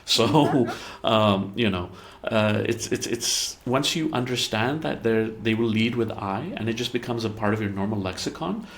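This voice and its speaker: Brief: man, low-pitched, chatty explainer who repeats words and acts out quotes, faint noise behind. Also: expressive, moderate pace, hardly any pauses. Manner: fluent, repeats words, acts out example dialogue. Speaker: therapy practice head explaining relationships. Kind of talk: conversational explanation.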